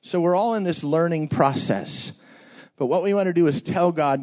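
A man pastor giving an energetic sermon for children, drawing the audience into call-and-response and telling stories. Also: fairly high pitch, a little fast, dull audio.

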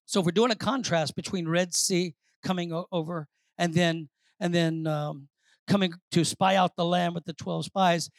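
A woman pastor preaching a sermon, moving between quiet asides and shouted, repeated phrases for emphasis. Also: fairly low pitch, no room sound.

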